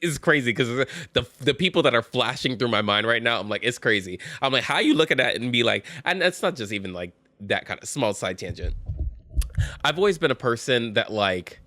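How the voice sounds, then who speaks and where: Guy ranting about reddit stories, bright forceful voice, dry close mic, sassy and loud laughs. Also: a little fast, no room sound. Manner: animated, sassy, bursts into high-pitched laughter and mocking voices. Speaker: host reacting to reddit posts. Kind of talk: casual commentary.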